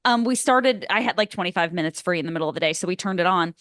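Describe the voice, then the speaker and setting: A woman's voice: fairly low pitch, animated, very fast, fairly bright tone, dry recording, clean studio sound. A woman co-hosting a casual movie podcast, chatty and rambling, teasing her co-host.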